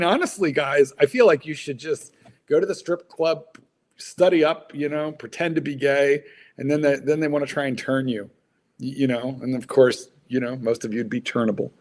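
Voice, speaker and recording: A man's voice: fairly high pitch, normal speed, a little mellow. A man hosting a livestream, a playful, teasing storyteller in casual chat. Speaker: host.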